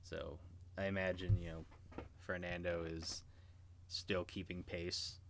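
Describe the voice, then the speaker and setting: A man's voice: sits low, little pitch movement, takes it slowly, vocal fry, a bit bright, slight background noise. A man narrating as game master in an online tabletop game, hesitant and full of restarts. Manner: hesitant, many restarts and fillers.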